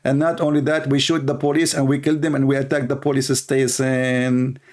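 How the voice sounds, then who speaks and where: A mock-earnest man, sarcastic and drawn-out, who keeps saying brother and swears his dangerous homeland is perfectly peaceful, as a commentator puts him on. His delivery is slow and a little raised. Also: medium pitch, flat delivery, darkish tone, lightly acted.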